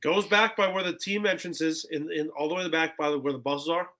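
A young man telling a story on a podcast, casual and animated, acting out what people said with lots of "like" and "bro". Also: fairly high pitch, fast. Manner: animated, acts out quotes, heavy "like" and "bro". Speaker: podcast guest.

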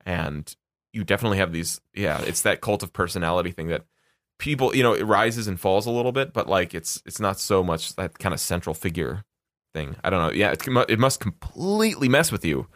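A man in a casual podcast chat, reacting and thinking aloud in a relaxed way. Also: sits low, brisk, no room sound.

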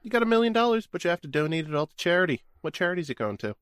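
A man's voice: sits high, big pitch swings, racing, fairly bright tone, clean tone, dry recording, clean studio sound. A man hosting a casual interview, reading out numbered questions and reacting briefly. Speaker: podcast host asking questions.

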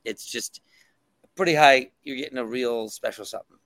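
A man who makes comics is a guest on a laid-back podcast, speaking eagerly about his work with plenty of ums and restarts. He has a medium-pitched, fairly bright voice and a moderate pace, recorded without echo.

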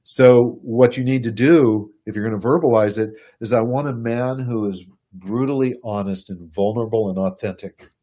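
A man giving a casual, animated explanation to a listener, chuckling and speaking to them directly. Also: mid-range voice, moderate pace, hardly any pauses. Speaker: speaker explaining personality types.

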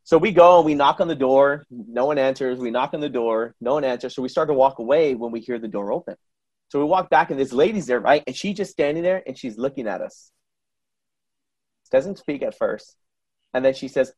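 Husky man, a bit high, lively storyteller, dry close sound. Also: fairly quick. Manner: animated, acts out voices in anecdotes. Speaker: guest. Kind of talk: casual storytelling.

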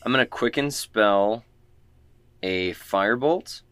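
Low-voiced man playing a tabletop game. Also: slow, fairly bright tone, no room sound. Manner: easygoing, thinks aloud. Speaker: player.

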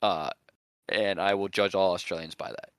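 A man's voice: deep voice, fairly even intonation, moderate pace, clean tone, dry recording, studio quality. A man from the United States ranting sarcastically in casual chat, swearing often.

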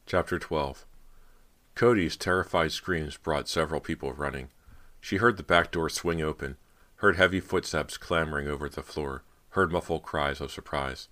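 A man reading a horror novel aloud as narrator, telling it in a measured, steady way. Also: extremely low pitch. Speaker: audiobook narrator.

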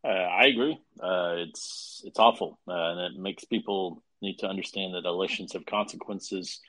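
Deep, husky man explaining with many uhs. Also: fairly bright tone, no echo. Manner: measured, filler-heavy, explanatory. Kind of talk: casual political chat.

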